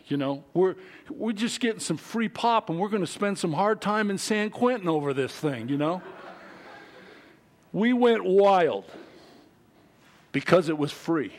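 A middle-aged man preaching a sermon, telling a childhood story in an animated way, swinging from loud to quiet. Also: high voice, a little slow, pauses often. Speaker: pastor.

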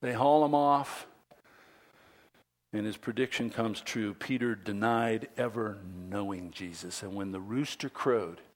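Dramatic preacher man, whisper to loud. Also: lowish voice, a little slow. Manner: dramatic, drops to whispers and rises to loud emphasis. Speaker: pastor. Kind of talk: sermon.

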